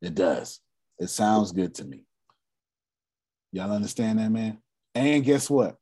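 Guy coaching on business, low husky voice, dry close sound, keeps repeating himself. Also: takes it slowly, no echo. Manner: animated, repetitive, drops into playful put-on voices. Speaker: finance coach. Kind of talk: live online business teaching.

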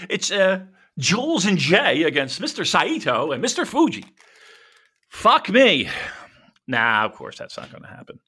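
A man with a high-pitched, slightly breathy voice co-hosts a casual wrestling podcast, speaking a little slowly. He's dealing with a sore shoulder while he rambles, swears, and tells animated stories.

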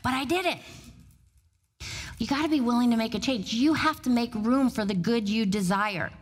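A middle-aged woman giving a motivational talk on stage, storytelling in an animated way and laughing often. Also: fairly high pitch, normal speed. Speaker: motivational speaker.

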